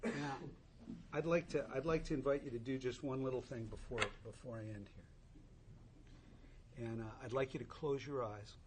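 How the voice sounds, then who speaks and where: A man's voice: mid-range voice, fairly even intonation, moderate pace, long pauses, background noise. A man in his sixties tells a humorous, rambling story to an audience at a recovery meeting, with many restarts.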